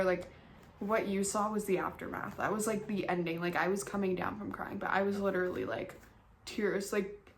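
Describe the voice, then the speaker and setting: A woman's voice: medium pitch, a little hiss or hum. A young woman chatting casually about books in a reading vlog, rambling and full of "like" fillers. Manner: chatty, rambling, heavy use of "like". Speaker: book vlogger.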